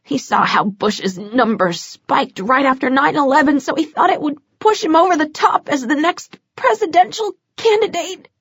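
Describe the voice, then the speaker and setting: A woman narrating an audiobook voices a cornered male henchman who spills a scheme in a rushed, snide confession. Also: sits high, fairly bright tone, dry recording, voice pushed up. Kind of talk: audiobook character voice.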